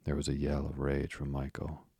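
A man narrating a classic children's story in a gently wry manner. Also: rumbling low, monotone, normal speed, vocal fry, husky, no room sound.

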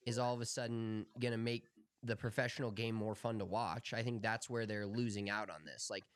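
A man co-hosting a golf podcast, talking in a relaxed, opinionated way and swearing casually. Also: lowish voice, brisk, clear, resonant tone, no echo. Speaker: podcast co-host.

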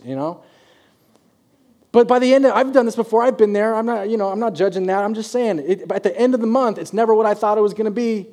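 A male pastor delivers a sermon in a loose, conversational way, slipping into the voices of the people in his stories. His voice sits a little high and sounds mellow. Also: fairly quick. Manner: conversational, acts out quoted voices.

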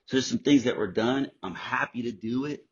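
Man, low husky voice, candid profane storytelling, dull lo-fi recording. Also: fairly quick. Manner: candid, profane, animated anecdotes. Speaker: podcast guest, actor. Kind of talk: casual storytelling. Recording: dull lo-fi sound.

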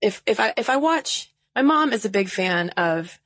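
A woman's voice: mid-range voice, expressive, normal speed, fairly bright tone, no room sound. A woman from the Southern United States co-hosting a podcast, explaining research in a casual chat and laughing easily. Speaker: podcast co-host.

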